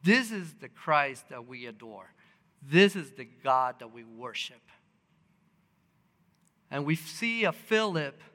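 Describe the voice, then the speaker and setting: Male preacher, slightly high voice; lively, filler-heavy storytelling sermon recorded in a long-reverb hall. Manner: animated, acts out quotes, many fillers and restarts.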